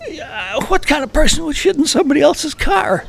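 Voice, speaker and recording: A man's voice: very high voice, sing-song, a little fast, crowd noise, pitched above the performer's own voice, heavily acted. A man voicing an erratic male driver who turns from bossy to whiny and indignant. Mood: shocked, indignant. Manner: gruff, bossy, then indignant. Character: pill-popping male driver, erratic, later whiny and shocked.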